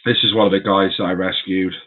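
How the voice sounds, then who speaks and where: A man's voice: low-pitched, level tone, quick pace. A man hosting a casual live stream from his room of animal enclosures, chatty and friendly, calling his viewers mate and buddy. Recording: dull lo-fi stream audio.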